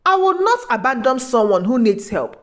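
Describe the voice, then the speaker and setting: A calm, firm old grandmother who is brave and kind, as a woman storyteller puts her on. Her pitch is fairly high and sweeps widely. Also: normal speed.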